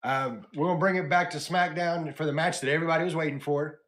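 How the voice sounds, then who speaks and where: A man hosting a casual wrestling podcast, animatedly retelling match highlights and chatting with his co-hosts. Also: fairly even intonation, fast, a bit bright. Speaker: podcast host. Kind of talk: casual wrestling recap chat.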